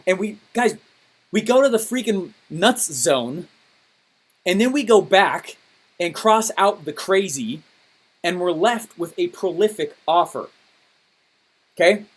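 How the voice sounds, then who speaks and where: A man with a fairly high voice leads a coaching call for his students. He tells stories in an animated, enthusiastic way and keeps checking in with his listeners. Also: slow, long pauses. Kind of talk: energetic coaching call with storytelling.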